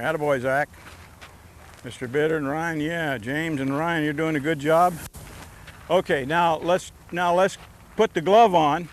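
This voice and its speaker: A man coaching a youth baseball team outdoors, giving short, encouraging instructions during drills. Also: a little high.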